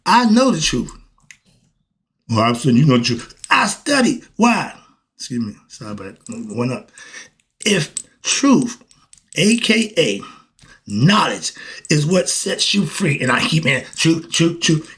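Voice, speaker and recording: Emphatic man lecturing with lively pitch. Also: takes it slowly, pauses often. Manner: preachy, emphatic, answers own questions, bursts into shouting; coughs and clears throat. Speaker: street philosophy commentator. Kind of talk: solo monologue.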